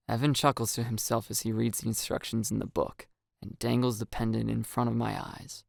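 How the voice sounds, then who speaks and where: A man narrating a first-person story in a calm, even storytelling manner. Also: on the low side, a little fast, vocal fry, no echo, clean studio sound. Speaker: audiobook narrator.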